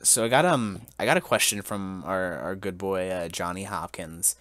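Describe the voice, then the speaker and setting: A young man in his twenties hosting a casual podcast, telling a mock-solemn story in a halting way, full of restarts and giggles. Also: low voice, a bit bright, no room sound. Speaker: podcast host.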